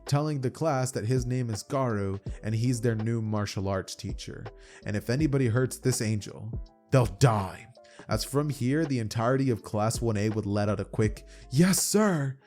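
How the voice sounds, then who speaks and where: A man's voice: on the low side, moderate pace, mellow, soft background music. A man narrating a fan-made anime story at home in a loose, casual style with many fillers. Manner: loose, repeats "as from here", fillers. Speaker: youtube narrator. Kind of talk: casual fan-fiction retelling.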